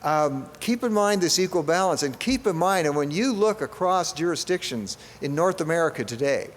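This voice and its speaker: Older man, conference speaker, fairly high voice, folksy asides, hall echo. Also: expressive, moderate pace. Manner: folksy, joking asides with frequent fillers. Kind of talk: conference speech. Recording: long hall reverb.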